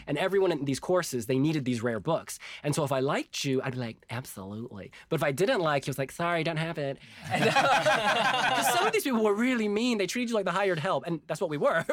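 Guest, American man, 40s, lively storyteller with a high, swooping voice, dry close sound. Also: dry recording. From United States. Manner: animated storyteller, laughing often. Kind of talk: casual chat.

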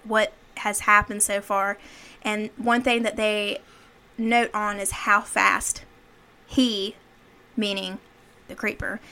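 A woman's voice: mid-range voice, sharp tone. A woman co-hosting a podcast, casually retelling a horror movie scene by scene with lots of fillers and quoted lines. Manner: chatty, filler-heavy retelling with acted quotes. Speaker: podcast co-host. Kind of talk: casual movie recap chat.

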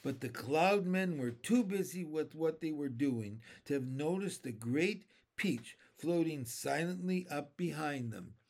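A man reading a children's novel aloud, deliberate and expressive. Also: a little high, vocal fry. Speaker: storyteller.

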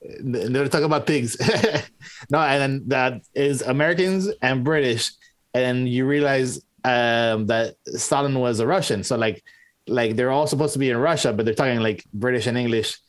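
A man co-hosting a casual movie review podcast who laughs often and talks haltingly. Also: mid-range voice. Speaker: podcast co-host.

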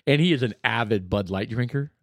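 A man's voice: mid-range voice, brisk, no echo, studio quality. A man co-hosting a casual podcast, laughing often and jumping in with quips. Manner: lively, laughing, jumps in with quips. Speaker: podcast co-host. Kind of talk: casual chat.

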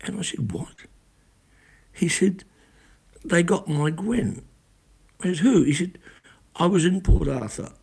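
A man's voice: on the high side, animated, normal speed, creaky, long pauses, a little mellow, breathy edge. A man, a radio broadcaster, recounting events in a rambling, self-correcting way with blunt swearing. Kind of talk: casual spoken recollection.

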